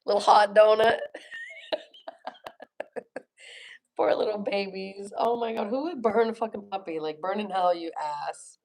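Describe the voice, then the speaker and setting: A woman's voice: medium pitch, takes it slowly, long pauses, a little mellow. A middle-aged woman chatting casually on her livestream, reading viewer comments, laughing often and swearing bluntly. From Florida. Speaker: livestream host.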